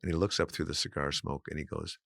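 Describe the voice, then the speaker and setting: A man, a guest comedian, telling stories in a casual chat, animated and full of "you know"s. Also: extremely low pitch, fast, vocal fry, dry recording.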